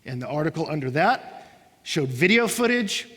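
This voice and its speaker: A man's voice: fairly high pitch, sing-song, moderate pace, a bit bright. A man preaching a sermon, acting out what his listeners say, with rising and falling intensity. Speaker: pastor. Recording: long hall reverb.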